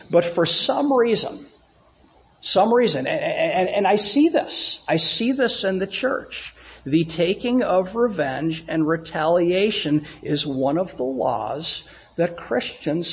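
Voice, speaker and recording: Slow deliberate preacher guy, bit high voice, repeats himself for emphasis, muffled lo-fi church recording. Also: creaky. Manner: repeats phrases for emphasis, asks the congregation questions. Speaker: pastor. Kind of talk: sermon. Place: church sanctuary with congregation.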